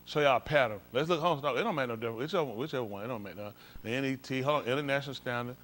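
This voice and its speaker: A man's voice: mid-range voice, racing, a bit bright. A male pastor leads an informal Bible study, comparing translations and coaxing someone along with repeated "come on.".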